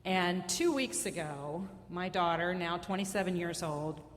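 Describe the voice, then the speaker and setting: A woman's voice: lowish voice, unhurried, big-room sound, a little hiss or hum. A woman in her fifties telling a personal story live on stage, conversational, wry and self-mocking.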